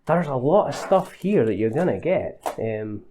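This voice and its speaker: Male board game reviewer, laid-back and rambling, mellow and warm tone. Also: medium pitch, unhurried, slight background noise. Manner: relaxed and rambling, with fillers and restarts. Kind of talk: casual review talk.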